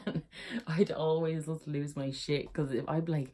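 A young woman with an Irish accent talks through her vlog in a low, husky voice, easily set off into giggles. Her tone is dark and mellow, and she chats in a loose, rambling way. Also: fairly even intonation, a little slow. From Ireland. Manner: giggly and chatty, prone to laughing fits. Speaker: YouTuber. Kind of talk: casual vlog chat.

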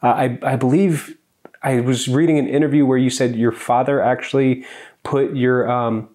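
Male podcast host from Hawaii, measured and thoughtful interviewer. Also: mid-range voice, fairly even intonation, darkish tone. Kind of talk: interview questions.

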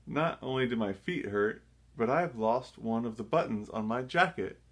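A man's voice: mid-range voice, lively intonation, slightly rough. A man reading as a fussy, grumpy toad. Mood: grumbling. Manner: complaining, quick to fret and shout. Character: fussy grumpy male toad, easily upset.

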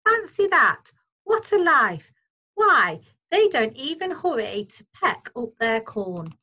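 A woman's voice: sits high, sing-song, slow, bright, forceful tone, voice pushed up, heavily acted. A woman voicing a boastful, smug male jackdaw who caws and crows while reading a storybook to children. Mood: delighted. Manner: smug, crowing, squawky.

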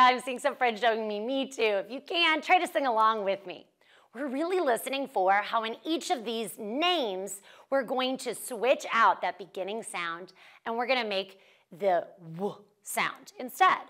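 A young woman who teaches first grade, leading a children's phonics lesson with slow, clear and encouraging talk. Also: on the high side, animated, fairly bright tone.

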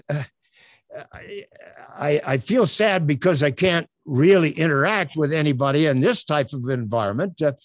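An older man coaching on elevator pitches in an online presentation, earnest and promotional, with many uhs. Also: dry recording. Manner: filler-heavy, earnest, promotional. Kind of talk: webinar presentation. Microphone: webcam on a tripod.

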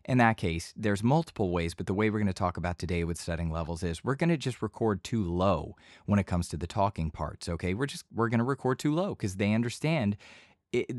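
A man's voice: deep voice, darkish tone, no room sound. A man casually explaining voice-over recording levels as an instructor, talkative and easygoing, with fillers and repeats, recorded on a studio microphone.

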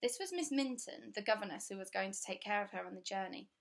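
A woman reading a children's story aloud with clear, steady, expressive storytelling. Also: medium pitch, fast talker. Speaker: audiobook reader.

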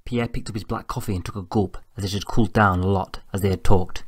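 A man reading an audiobook in an even, measured storytelling voice, close to the mic. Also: low voice, husky, dry recording. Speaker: audiobook narrator. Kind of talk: scripted narration.

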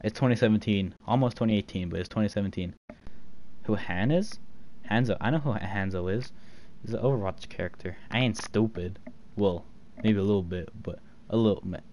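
Chill guy streaming, kinda low voice, jokes around reading chat, bit of hiss behind. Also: a little fast, darkish tone, poor audio. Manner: joking, laid-back, reads chat aloud. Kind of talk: casual livestream chat while trading.

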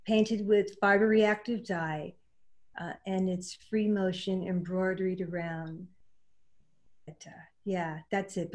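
A woman quilt artist speaks on a panel discussion over a video call. Earnest and halting, she becomes emotional as she talks, in a mid-range voice.

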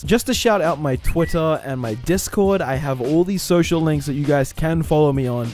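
A young man hosting a gaming channel, brash and swearing as he plugs his socials. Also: on the high side. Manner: brash, swearing, quick shout-outs. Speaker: gaming video host. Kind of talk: casual channel outro.

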